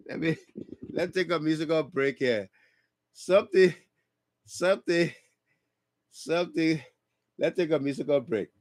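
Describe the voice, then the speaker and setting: A man's voice: on the high side, a little slow, pauses often, no echo, studio quality. A man hosting a radio talk show, delivering a mocking political monologue and repeating his questions.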